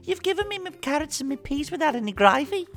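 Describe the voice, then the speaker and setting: A man voicing a fussy young son who demands gravy, in a whiny, high-pitched child voice. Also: very animated, fast, loud music behind the voice.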